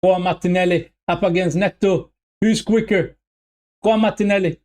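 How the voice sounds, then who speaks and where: A man with a high voice and a moderate pace gets excited streaming a football watch-along live. He loosely narrates the play, repeats lines and talks right to his audience, addressing them as "people."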